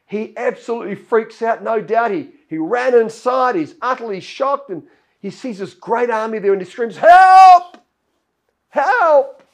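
High-voiced pastor preaching. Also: male voice, moderate pace. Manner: storytelling, acts out Bible characters' lines. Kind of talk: sermon.

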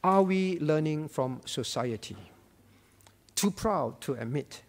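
Animated high-voiced preacher in a reverberant church. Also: male voice, slow pace. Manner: emphatic, repeats key phrases and asks the congregation questions. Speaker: pastor. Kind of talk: sermon.

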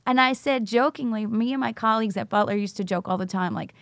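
A woman's voice: a little high, fast, hardly any pauses, a bit bright, dry recording. A middle-aged woman, a teacher, telling her story in an interview and acting out the dialogue as she goes. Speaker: teacher, recovery school founder.

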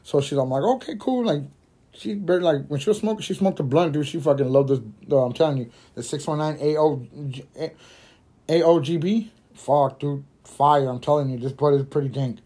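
A man hosting a podcast, telling a rambling, swear-filled story while high and laughing at his own jokes. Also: a little fast, dark tone, slightly rough. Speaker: podcast host. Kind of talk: casual storytelling monologue.

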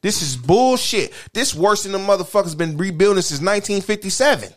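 A man with a high-pitched voice delivers a crude, heated rant in casual talk. He curses constantly and hammers his points home by repeating them. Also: expressive, fairly quick. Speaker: podcast co-host. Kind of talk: profane casual sports rant.

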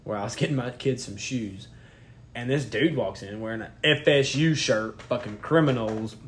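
A man's voice: medium pitch, normal speed, noisy background. A man co-hosting a podcast in casual, profane chat, rambling through stories and often checking that the listener follows. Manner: profane, keeps asking "you know what I mean"; rambling storyteller. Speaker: podcast co-host.

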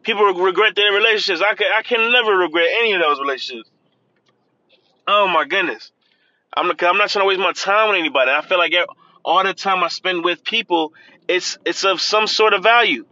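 A man's voice: high-pitched, a little fast, bright, forceful tone, no echo, highs cut off. A man giving casual, earnest pep talk while driving, repeating himself and calling the listener "man". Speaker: podcast host. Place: in a car, driving.

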